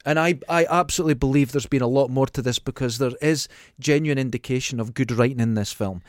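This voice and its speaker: A man's voice: mid-range voice, fast talker, no room sound, clean studio sound. A man co-hosting a podcast, giving wry, emphatic opinions on a film in casual, sweary chat. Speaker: podcast co-host.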